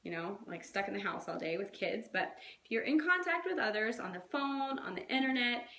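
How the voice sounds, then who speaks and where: A woman's voice: medium pitch, animated, brisk, gravelly, roomy sound, noisy background. A woman coaching her team in a casual, chatty way, full of fillers and little acted-out quotes. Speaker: fitness coach.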